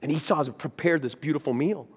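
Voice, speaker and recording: A man's voice: fairly high pitch, quick pace, husky, big-room sound. A man, a pastor, preaching a sermon, reading scripture with rising intensity and then speaking plainly to the congregation. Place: church auditorium.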